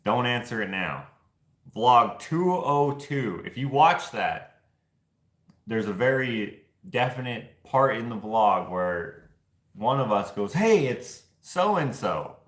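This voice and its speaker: A man with a fairly low voice hosts a casual vlog, rambling and chuckling as he talks. The sound is roomy and echoey. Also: lively intonation, slow pace, a bit bright. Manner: rambling, chuckling, loose and chatty. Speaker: vlog host running a giveaway. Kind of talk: casual chat.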